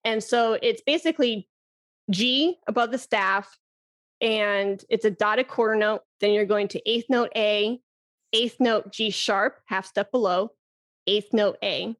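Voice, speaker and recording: A woman flute teacher talking on a podcast in an animated way, laughing often and demonstrating breath sounds. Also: medium pitch, measured pace. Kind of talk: casual podcast conversation.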